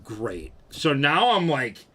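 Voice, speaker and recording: Bright-voiced man telling a wild story. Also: medium pitch, fairly quick. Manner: animated, profane, acts out quotes. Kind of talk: casual storytelling chat.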